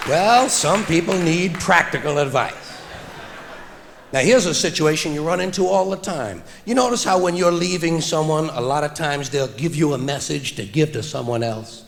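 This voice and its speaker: A man doing a stand-up comedy routine on stage, with a wry, deadpan delivery that builds to loud punchlines, recorded live for a vinyl album. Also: on the high side, normal speed, gravelly, a little hiss or hum. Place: theater stage before an audience. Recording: live vinyl recording with long hall reverb and audible audience.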